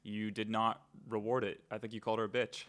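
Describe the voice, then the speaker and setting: A man's voice: on the low side, little pitch movement, brisk, a bit bright. A man hosting a podcast interview, asking questions in an easygoing, casual way. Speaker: podcast host.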